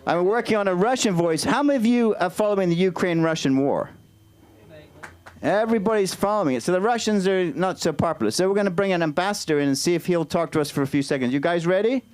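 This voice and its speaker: A man with an English accent doing stand-up at an open mic, chatty and halting as he tries out new lines. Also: high-pitched, animated, darkish tone, clean tone. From Britain. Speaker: stand-up comic. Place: small comedy club stage.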